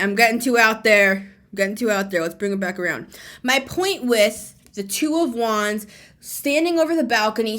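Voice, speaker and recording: A woman's voice: fairly high pitch, a bit bright. A woman tarot reader musing aloud in a casual spiritual monologue, laughing often and dropping at times to a near-whisper.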